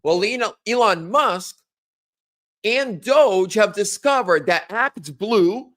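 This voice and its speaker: A man in his thirties hosting a casual political monologue, animated, acting out quotes in a higher voice. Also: slow. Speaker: political commentary host.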